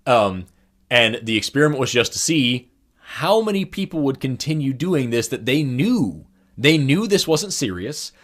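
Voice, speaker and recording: A man's voice: mid-range voice, sing-song, a little slow, a bit bright. A man co-hosting a podcast, telling a long story in casual chat, with many fillers and restarts. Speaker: podcast co-host.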